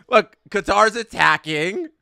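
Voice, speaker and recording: Sitting high with noticeable vocal fry, a young man's voice is heard in a dry, studio-quality recording. He hosts a casual live watch-along, commenting on the match, chatting with viewers, reading chat aloud and getting excited on big plays.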